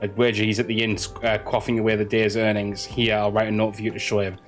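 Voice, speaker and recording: A man's voice: lowish voice, little pitch movement, fast, soft background music, lightly acted. A man reading aloud an earnest male investigator from a game, stumbling on words now and then. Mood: steady. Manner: reads quest dialogue aloud, stumbling on words.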